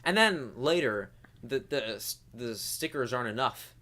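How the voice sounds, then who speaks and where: Giggly bright-voiced man chatting. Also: mid-range voice, unhurried. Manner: giggly, animated, interrupts often. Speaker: podcast co-host. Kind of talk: casual movie review chat. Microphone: close mic.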